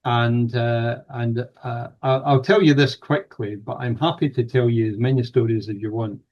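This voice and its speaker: A man's voice: mid-range voice, fairly even intonation, normal speed. Scottish man telling stories, lo-fi sound. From Scotland. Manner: hesitant, many fillers, acts out quoted voices. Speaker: paranormal researcher guest. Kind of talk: storytelling interview. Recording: dull lo-fi sound.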